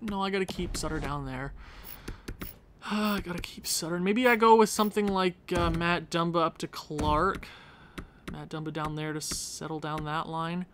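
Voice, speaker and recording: A man's voice: a little high, steady tone, normal speed, a bit bright, slight background noise. A young man hosting a hockey game let's-play, thinking aloud over lineup choices and talking at the players on screen with exasperated outbursts. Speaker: gaming channel host.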